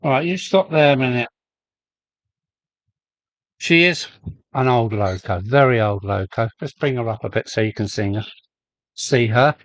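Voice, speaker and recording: A man's voice: mid-range voice, moderate pace, long pauses, no echo. A man hosting a live stream from his loft, chatting casually and greeting viewers by name as he goes. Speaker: host of a model railway live stream. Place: home loft with a model railway layout.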